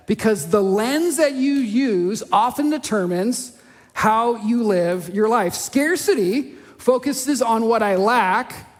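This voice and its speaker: A male pastor giving a sermon in a conversational, animated way, acting out the voices he quotes. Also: high voice, in a large hall. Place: church auditorium.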